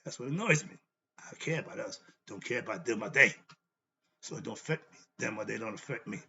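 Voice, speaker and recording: A man's voice: fairly low pitch, a little fast, vocal fry, pushed and bright, lo-fi sound, slight background noise. A man lecturing on self-knowledge in a blunt, preachy monologue, asking himself questions and answering them. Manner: preachy, repetitive, rhetorical questions; annoyed, blunt. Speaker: host. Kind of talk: philosophy monologue.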